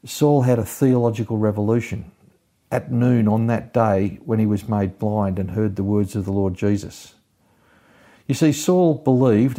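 A man giving an expository Bible teaching, retelling scripture in a measured, explanatory way. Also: fairly low pitch, dark tone.

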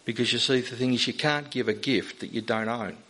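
A man delivering a sermon from the pulpit. He speaks earnestly at a middle pitch, pressing his listeners with rising, emphatic questions. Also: fairly even intonation, a little fast, sharp tone, rough recording. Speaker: pastor.

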